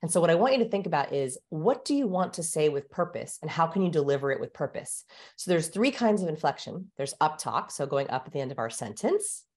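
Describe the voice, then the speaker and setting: A woman's voice: low-pitched, sing-song, brisk, darkish tone. A woman speaking as a guest expert on a podcast, explaining and demonstrating ways of speaking in a coaching manner. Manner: coaching, demonstrates vocal exercises. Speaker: guest expert on body language. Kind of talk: instructive podcast conversation.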